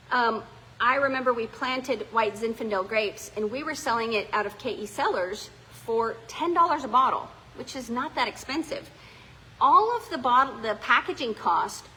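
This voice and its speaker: Middle-aged South African woman, winery owner, chatty storyteller, bright voice. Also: fairly high pitch, rough recording. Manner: chatty, rambling, with frequent ums and restarts. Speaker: winery and distillery owner giving a tour. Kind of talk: casual storytelling to visitors. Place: inside a small distillery.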